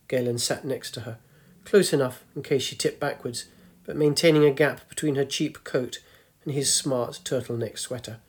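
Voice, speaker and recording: A man narrating a story in a measured, gently descriptive way. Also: mid-range voice, fairly even intonation. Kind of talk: scripted narration.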